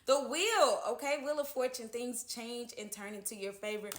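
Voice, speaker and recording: A woman's voice: on the high side, normal speed, echoey room. A woman giving a casual tarot horoscope reading, chatty, who keeps checking in with "okay?" at the end of her lines. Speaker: tarot reader.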